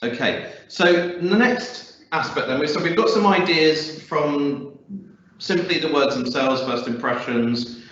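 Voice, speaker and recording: A man's voice: fairly high pitch, slow pace, fairly bright tone, muffled recording. A male teacher leading a classroom lesson, encouraging and questioning students, with many fillers. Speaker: English teacher. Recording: echoey classroom, far from mic.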